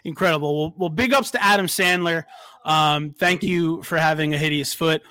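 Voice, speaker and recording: A male podcast host in casual chat, excitedly promoting an event with lots of fillers. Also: on the high side, moderate pace, no echo, clean studio sound. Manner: excited, hyped promo talk.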